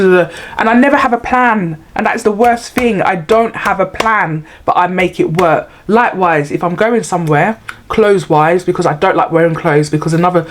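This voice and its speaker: A woman's voice: fairly low pitch, a little hiss or hum. Chatty middle-aged woman vlogging. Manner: rambling, chatty and self-mocking. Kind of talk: casual chat to camera.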